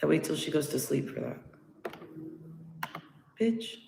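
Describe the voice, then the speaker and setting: A woman's voice: low voice, steady tone, fast, gravelly. A woman with a sore throat making crude, teasing wisecracks in casual chat. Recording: echoey room with faint noise.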